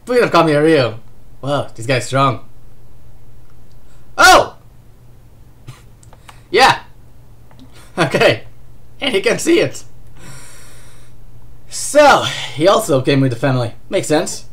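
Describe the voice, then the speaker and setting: A host reading a comic aloud in a live reaction, laughing often and breaking into excited outbursts. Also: mid-range voice, slow pace, long pauses. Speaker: manga reaction streamer.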